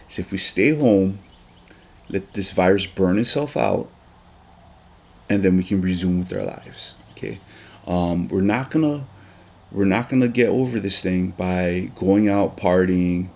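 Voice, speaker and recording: A man's voice: sits low, vocal fry, a little mellow. A man, a teacher talking earnestly on a casual podcast with many ums and restarts.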